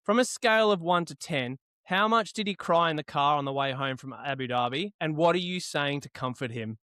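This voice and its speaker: Male podcast host, loud and playful, with a clear, fairly high voice. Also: a little fast, dry recording, clean studio sound. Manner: playful, loud, swears freely. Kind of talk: casual podcast banter.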